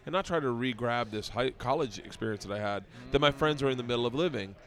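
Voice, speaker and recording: A man's voice: medium pitch, fast talker, fairly bright tone. A man in his forties, a podcast guest, tells a long profane anecdote casually, acting out the quotes. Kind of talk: casual storytelling.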